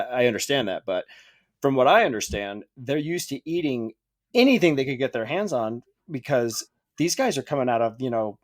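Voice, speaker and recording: Animated, joking male podcast co-host. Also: mid-range voice. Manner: joking, profane, thinking aloud. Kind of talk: casual chat.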